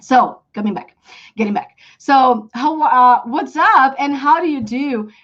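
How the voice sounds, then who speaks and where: A Brazilian woman with a Portuguese accent teaches a live online English lesson, chatty and explaining with many fillers and apologies. Her high-pitched, fairly bright voice is a little slow, and the stream audio is dull and lo-fi.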